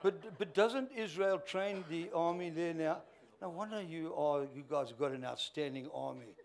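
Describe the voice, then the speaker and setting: An older pastor preaches in a joking, rambling way. His voice sits high for a man, and he drifts off into stories. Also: moderate pace, creaky. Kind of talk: sermon storytelling.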